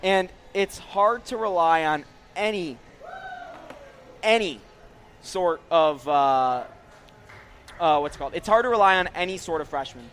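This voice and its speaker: A young man co-hosting a sports podcast, joking around in casual chat and rattling off ad reads at high speed. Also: fairly bright tone. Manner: joking, talks very fast on reads. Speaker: podcast co-host. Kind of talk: casual chat, rapid ad read.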